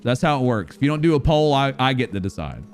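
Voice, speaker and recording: A man streaming a video game live, chatting playfully and rambling, sometimes loud and sometimes mumbling. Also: medium pitch, sing-song, quick pace. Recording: faint music behind the voice.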